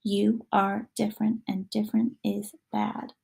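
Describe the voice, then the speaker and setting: A woman putting on a pompous booming stink bug. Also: flat delivery, measured pace, vocal fry, a little mellow, breathy edge, full character voice. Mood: stern. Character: pompous bossy male stink bug ruler.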